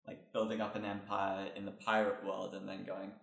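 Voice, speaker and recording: A man co-hosting a comedy podcast, delivering jokes in a mock-serious deadpan. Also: lowish voice, normal speed, creaky. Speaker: podcast co-host. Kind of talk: joking casual chat. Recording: roomy echo.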